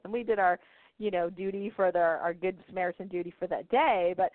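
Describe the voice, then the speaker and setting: A woman's voice: lowish voice, brisk, dry recording. Chatty woman host on a tinny line. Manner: chatty, laughs often, keeps asking "right?". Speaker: podcast host, intuition teacher. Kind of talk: casual storytelling talk. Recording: phone-like narrow band, dry.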